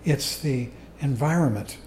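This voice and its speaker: Calm man teaching meditation, mellow tone. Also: mid-range voice, a little hiss or hum. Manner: calm, unhurried, explanatory. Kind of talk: dharma talk to a meditation group. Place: meditation hall. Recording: echoey room recording.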